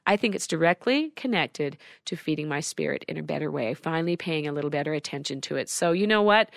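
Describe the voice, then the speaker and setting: A woman's voice: sits low, dry recording, studio quality. Earnest woman hosting a devotional. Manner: earnest and heartfelt, shares personal faith. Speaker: host of a daily devotional show. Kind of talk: devotional talk.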